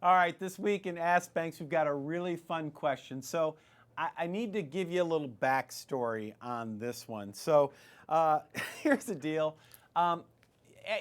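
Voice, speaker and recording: Chatty, animated man hosting a radio show. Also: a little high. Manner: chatty and animated, with frequent restarts. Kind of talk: casual radio talk.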